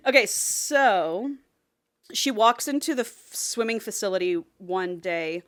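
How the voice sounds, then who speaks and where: A woman's voice: mid-range voice, lively intonation, a little slow. A woman co-hosting a podcast, casually retelling a novel's plot in a chatty, conversational way. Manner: retells the plot with lots of "she's like". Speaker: podcast co-host. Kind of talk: casual book recap chat.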